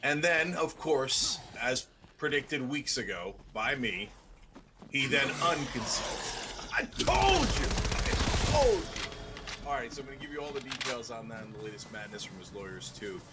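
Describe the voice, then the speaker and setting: A man hosting a political commentary show, talking in a sarcastic, mocking way and slipping into quick impressions. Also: mid-range voice, background noise.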